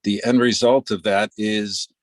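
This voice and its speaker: A man photographer describing his work in a relaxed, reflective way over a video call. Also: fairly low pitch, unhurried, no echo. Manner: relaxed, reflective, with little laughs. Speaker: photographer in the exhibition. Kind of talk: casual video-call discussion.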